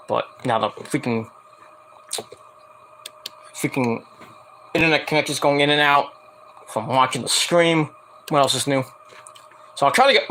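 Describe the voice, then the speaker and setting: A man's voice: fairly high pitch, sharp tone. A man giving a casual, rambling spoken review with lots of fillers and swearing. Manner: rambling, profane, with many fillers. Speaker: wrestling show reviewer.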